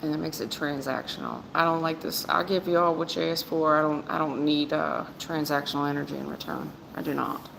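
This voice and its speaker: Low raspy-edged lady doing tarot live, blunt, kinda sarcastic, echoey room w/ noise. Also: flat delivery, a little fast, hardly any pauses. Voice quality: blunt, sarcastic-sounding delivery. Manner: talks straight to chat viewers, calls them baby and hon. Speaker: tarot reader on a livestream. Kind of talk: blunt casual livestream chat.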